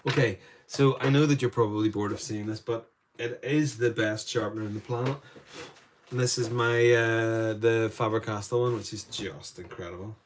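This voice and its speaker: A man's voice: on the low side, fairly even intonation, normal speed, slight background noise. A man with a Northern Irish accent, chatting casually as he runs a live painting demo and greets viewers by name. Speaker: art tutor streaming live.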